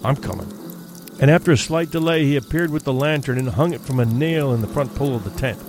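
A man narrating an audiobook horror story in a measured storytelling manner. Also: mid-range voice, darkish tone, faint music behind.

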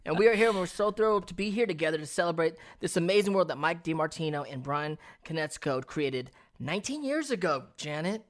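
A middle-aged man co-hosting a podcast, telling stories in an animated, casual way. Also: fairly high pitch, brisk, hardly any pauses. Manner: animated storyteller. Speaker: podcast co-host.

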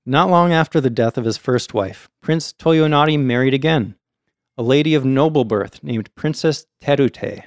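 A man reads an old folktale aloud in a casual podcast manner, stepping out of the text now and then for friendly asides. His voice is smooth and resonant at a middle pitch, recorded close and dry. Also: moderate pace, no echo. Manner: reads steadily, breaks off for chatty asides. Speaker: storyteller host.

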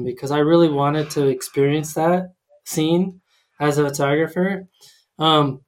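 A man in casual conversation, talking hesitantly with many ums and restarts. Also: on the high side. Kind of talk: casual chat.

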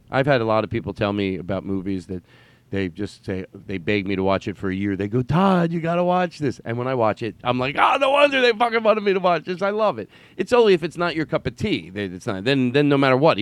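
Rambling, emphatic man in casual chat. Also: fairly low pitch. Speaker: podcast host.

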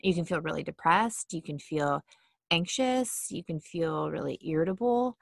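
A woman giving a casual mindfulness talk, chatty and quick to act out inner thoughts in little voices. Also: sits low, expressive, gravelly, husky, no room sound, studio quality. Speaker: mindfulness speaker.

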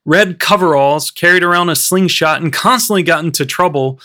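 A man's voice: on the high side, moderate pace, pushed and bright. A man co-hosting a film podcast, recounting film history in a rambling way with many fillers. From United States. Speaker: podcast co-host. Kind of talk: casual film podcast chat.

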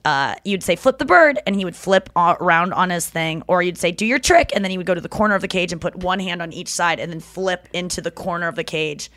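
A woman's voice: fairly low pitch, fairly even intonation, quick pace, few pauses, a bit bright, no echo. A woman podcast host telling loose, swearing stories in casual chat. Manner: loose, swearing, storytelling with silly bird-voice impressions.

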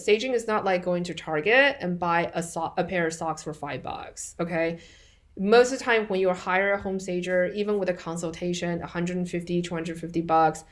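A woman hosting a podcast, giving direct, practical business advice in a conversational way. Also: lowish voice. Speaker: podcast host.

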